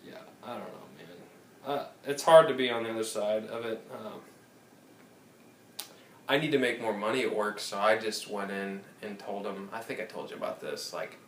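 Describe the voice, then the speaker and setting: A man co-hosting a podcast in casual chat, telling animated stories and mimicking callers in high voices. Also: moderate pace. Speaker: podcast co-host. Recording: roomy phone recording with faint noise.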